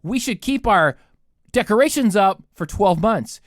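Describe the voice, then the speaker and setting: Man, 30s, podcast host; sarcastic comic rant, very animated pitch, dry close sound. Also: a little slow, no echo. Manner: mock-indignant, sarcastic, exaggerated. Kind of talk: comedic solo rant.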